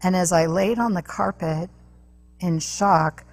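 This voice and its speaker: Husky woman telling her story. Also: on the low side, faint music behind. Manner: earnest, halting storytelling with restarts. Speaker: interview guest. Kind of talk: personal testimony in a talk interview.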